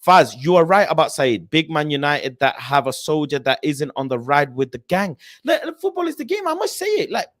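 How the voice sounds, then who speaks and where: A young man hosting a casual football live stream, talking passionately and swinging between loud rants and low, muttered asides while reading viewer messages. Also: sing-song, moderate pace, hardly any pauses. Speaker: football livestream host.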